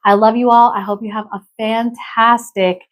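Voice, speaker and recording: A woman's voice: fairly high pitch, steady tone, normal speed, fairly bright tone. A woman giving a live tarot reading in a chatty, exclamatory way, often checking in with "okay?". She says she is not feeling well. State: unwell. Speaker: tarot reader.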